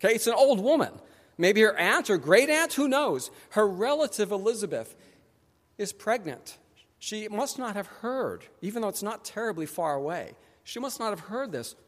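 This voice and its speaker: In a church sanctuary, a male pastor preaches in a high, animated voice that jumps over a wide range. His delivery is conversational, and he slips into quick voices for the characters in his story while a long reverb lingers behind him.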